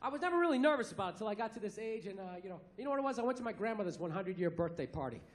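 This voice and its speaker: A man's voice: high-pitched, big pitch swings, very fast. A man in his forties with a Boston accent doing a stand-up comedy set, brash and profane, ranting with mock outrage. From Massachusetts, USA. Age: 40s. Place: theater stage. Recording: echoey theater with crowd laughter. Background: audience laughter and ambience.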